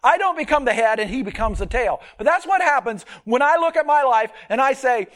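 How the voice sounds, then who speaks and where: A male preacher delivers an earnest sermon in a high voice. His pitch moves in lively swings, and he pushes key points loudly before dropping to quiet, personal asides. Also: brisk.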